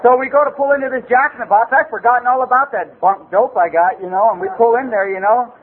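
A man's voice: very high-pitched, steady tone, fast. A middle-aged man from the Los Angeles area telling a comic personal story at a recovery meeting, rambling loosely and dropping "man" and "you know" everywhere. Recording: tinny phone-like recording with faint hiss.

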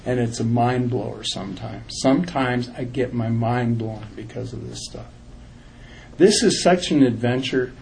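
A man's voice: mid-range voice, moderate pace, vocal fry, darkish tone, a little hiss or hum. A man giving an earnest, plain-spoken recovery talk to a group, emphatic and direct. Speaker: recovery speaker.

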